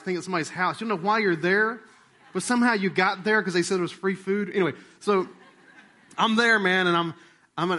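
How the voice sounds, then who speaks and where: A man gives a storytelling sermon, animated and conversational, his voice pitched a bit above most men's. He voices the characters in his story, acting out remembered dialogue, and goes nearly hushed when the mood grows tender.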